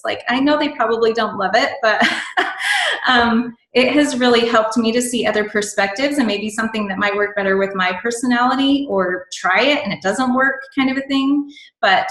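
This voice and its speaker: A woman's voice: fairly high pitch, lively intonation, normal speed, fairly bright tone. A woman giving casual sales tips on a team call, bubbly and chatty with lots of ums and likes. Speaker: team call guest speaker. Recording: echoey room.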